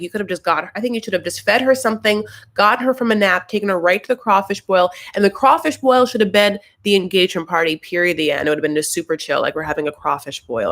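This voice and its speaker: A woman hosting a casual show recap, talking in a gossipy, profane, ranting way. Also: lowish voice.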